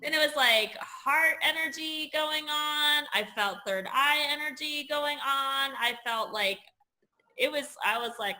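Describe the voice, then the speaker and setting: A woman's voice: high voice, a little slow, sharp tone. A woman co-hosting a casual chat, recalling an experience in an earnest, emotional way with frequent laughter. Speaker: podcast co-host.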